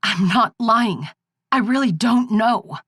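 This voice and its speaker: A woman's voice: on the high side, animated, slow pace, a bit bright, slightly rough, dry recording, studio quality, voice pushed up, exaggerated voice. A woman reading the part of a young woman FBI agent who is held captive, and who sounds strained but defiant.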